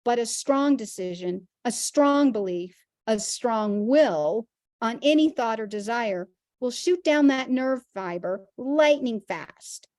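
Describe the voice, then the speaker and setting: A woman's voice: on the high side, animated, slow, a little mellow, no echo, studio quality. A woman teaching a Christian health class, earnest and emphatic, using vivid everyday examples.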